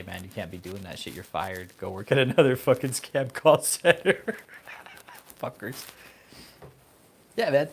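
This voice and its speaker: A man hosting his own channel, ranting casually, swearing often and laughing a lot between rambling remarks. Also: medium pitch. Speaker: channel host. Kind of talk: casual vlog rant.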